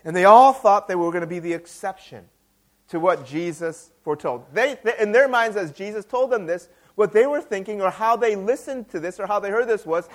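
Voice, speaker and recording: Pastor, male, high voice, chatty sermon delivery, frequent "right?" asides. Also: fairly quick. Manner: conversational preaching with tag questions; repeats and restarts words.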